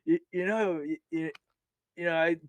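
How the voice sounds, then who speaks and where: A young man, an army veteran, telling stories as a podcast guest in a lively, casual way, laughing often and restarting sentences. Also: fairly high pitch, normal speed, slight background noise. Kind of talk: casual storytelling.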